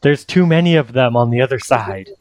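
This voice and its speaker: A man's voice: medium pitch, lively intonation, a little fast, a little mellow, dry recording, lightly acted. A man voicing a grizzled old drunk who is fearful and full of doom. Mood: grim.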